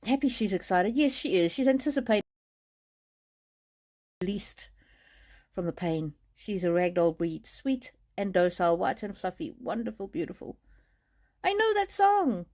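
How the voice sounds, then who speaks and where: A woman giving a live-streamed oracle card reading in a gentle, reassuring way, often restarting her sentences. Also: mid-range voice, moderate pace, pauses often. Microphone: streaming mic.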